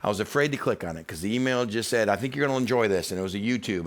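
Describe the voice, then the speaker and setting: Man, pastor, sermon, animated storytelling, pitch swinging up high when excited. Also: very fast, hardly any pauses. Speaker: teaching pastor.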